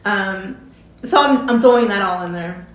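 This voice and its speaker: A woman's voice: mid-range voice, unhurried. Chatty woman telling a story in a roomy space. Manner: chatty, recounts conversations with frequent "I'm like" and laughs. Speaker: host telling a personal story. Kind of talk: casual personal storytelling. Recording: roomy echo with faint ambience.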